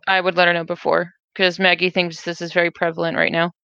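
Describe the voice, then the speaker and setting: A woman's voice: on the low side, level tone, fast talker, sharp tone, smooth, dry recording, dull audio. A woman playing a tabletop game, chatting casually and correcting herself. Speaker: player.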